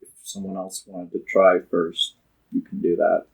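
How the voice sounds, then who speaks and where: A man playing in a tabletop game, describing what his character does in a laid-back, deadpan way. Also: deep voice, normal speed, gravelly, slightly rough, rough recording. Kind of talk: casual game chat, in-character play.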